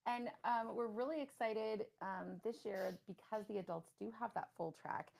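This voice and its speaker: A woman's voice: medium pitch, vocal fry, darkish tone. A woman co-hosting a livestream, talking enthusiastically and jumping in often. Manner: enthusiastic, talkative, quick to jump in. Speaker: livestream co-host. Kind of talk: casual livestream chat.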